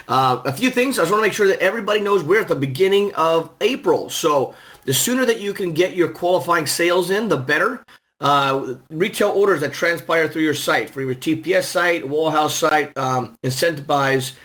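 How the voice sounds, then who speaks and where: A man's voice: mid-range voice, a bit bright. A man hosting a weekly training conference call, enthusiastic and loose, with many fillers and restarts. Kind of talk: upbeat sales call hosting.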